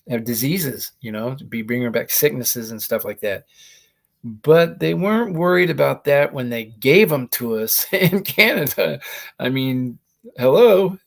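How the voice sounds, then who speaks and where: Talking into a laptop mic, this comedy-show host delivers a stand-up style monologue of rambling stories he keeps laughing through. His voice is mid-range with a touch of vocal fry.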